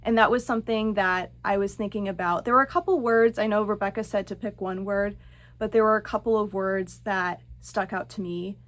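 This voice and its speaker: A woman's voice: medium pitch, steady tone, brisk, fairly bright tone. Reflective woman thinking aloud. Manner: thoughtful, reflective. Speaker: fitness program member. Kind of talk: casual video testimonial.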